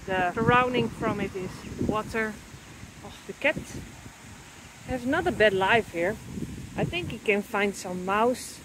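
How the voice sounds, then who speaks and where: A woman with a Dutch accent chatting excitedly in English on a handheld travel vlog, breaking into hushed, awed asides. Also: measured pace, background noise. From Netherlands. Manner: excitable, talks to animals in a high baby voice. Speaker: travel vlogger. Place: outdoors in a park and inside a castle in Japan.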